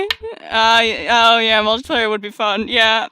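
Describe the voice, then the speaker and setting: A woman streamer playing a dating game, with a bright, sharp tone and a smooth, clear voice. She talks loudly and excitably, with frequent shrieks and laughs of protest. She is recorded on a close desk mic in a dry room. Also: on the high side, unhurried, dry recording. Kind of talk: let's play commentary.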